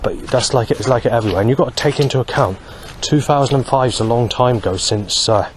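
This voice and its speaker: A man talking alone to camera in a rambling monologue, halting often to search for words. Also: mid-range voice, slight background noise. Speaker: vlogger.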